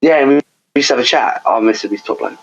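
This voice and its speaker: A man's voice: medium pitch, quick pace, creaky, lo-fi sound. A young man, co-hosting a podcast in casual chat, rambling and laughing with lots of fillers. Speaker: podcast co-host.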